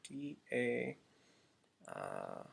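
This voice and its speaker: A man's voice: medium pitch, wildly swooping pitch, very slow, vocal fry, slightly rough. A man teaching a casual lesson for children, chatty and correcting himself as he goes. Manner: chatty, self-correcting, asks kids to repeat.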